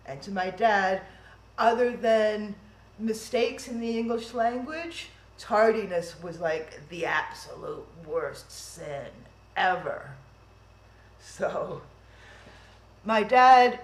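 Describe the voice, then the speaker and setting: A woman's voice: medium pitch, roomy sound, rough recording. A woman hosting a live-streamed event from home, rambling in a chatty, self-deprecating way. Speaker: event host. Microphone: webcam stream.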